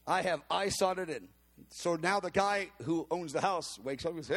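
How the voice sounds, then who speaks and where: A man telling a personal testimony in an animated storytelling manner, acting out the quotes with cries and laughs. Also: a little high, moderate pace.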